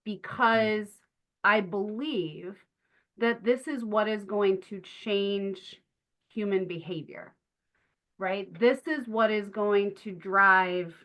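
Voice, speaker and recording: A middle-aged woman, a nature educator, telling stories in an interview in an earnest, animated way with many fillers and restarts. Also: mid-range voice, slow pace. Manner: animated, acts out the voices of children and teachers. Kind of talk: storytelling in a conversational interview.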